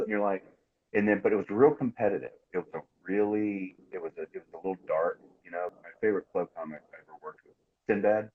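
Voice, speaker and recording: An older man with a very deep, husky voice tells comedy club stories in an easy, chatty way, switching into the voices of people he quotes. His voice comes through a narrow, phone-like video call line. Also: quick pace. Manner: animated, acts out quoted voices. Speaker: guest comedian. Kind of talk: casual storytelling chat.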